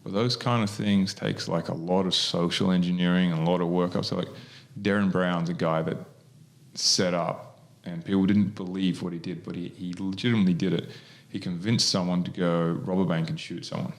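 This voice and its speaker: Deep guy rambling on a podcast, lots of likes and rights. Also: steady tone, a little fast, creaky. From Australia. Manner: rambling, many fillers and restarts. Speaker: podcast co-host, hypnotist. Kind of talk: casual podcast chat.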